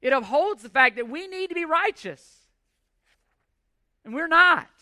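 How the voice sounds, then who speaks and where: A man's voice: extremely high pitch, lively intonation, unhurried, sharp tone, dry recording, studio quality. A man in his forties preaching a sermon in an emphatic way, asking rhetorical questions and repeating words as he works through his points. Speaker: pastor.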